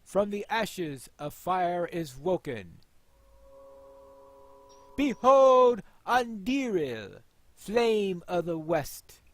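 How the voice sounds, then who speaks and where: A man reads out a grave ranger lord, dropping his fairly high voice into slow, weighty lines. The sound is dry and close, with no room around it. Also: expressive, dry recording. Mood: solemn. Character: noble ranger king, grave and solemn man. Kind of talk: reading quest dialogue aloud.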